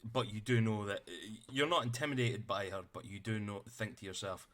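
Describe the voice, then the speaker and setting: A male game master with a low voice narrating a tabletop scene. He talks loosely, with plenty of fillers and casual swearing. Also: steady tone, a little fast, few pauses, a bit bright.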